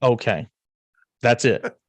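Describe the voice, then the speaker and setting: A man's voice: medium pitch, expressive, takes it slowly, no room sound, rough recording. An American man co-hosting a racing podcast, chatting casually, joking and rambling. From United States. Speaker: podcast co-host. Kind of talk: casual chat.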